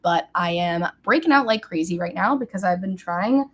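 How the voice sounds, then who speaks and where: A woman's voice: fairly low pitch, expressive, moderate pace, fairly bright tone. A young woman in a casual get-ready-with-me beauty vlog, chatty and bubbly, recorded on a webcam at home. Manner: chatty and bubbly, squeals at comments and her cat. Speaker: beauty vlogger.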